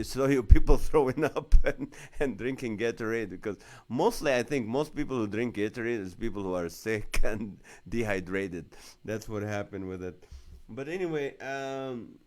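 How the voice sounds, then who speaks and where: A middle-aged man, a comedian, hosting a casual live stream from home, telling rambling stories with jokes and frequent laughs. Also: on the low side. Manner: joking, laughs often, rambling asides. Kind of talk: casual storytelling chat.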